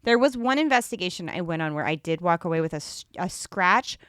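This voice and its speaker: A woman co-hosting a podcast, retelling case notes in a casual, animated way and laughing often. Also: fairly low pitch, fairly quick, smooth, no echo, studio quality. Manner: laughs often, animated when joking, slips into a rural accent. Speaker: podcast co-host.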